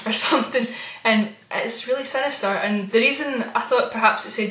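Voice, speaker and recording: With a fairly high voice, a woman talks at a moderate pace with few pauses in a casual vlog recorded with roomy echo. Chatty and meandering, she recounts a spooked story about her experiences, slipping in soft spooked asides.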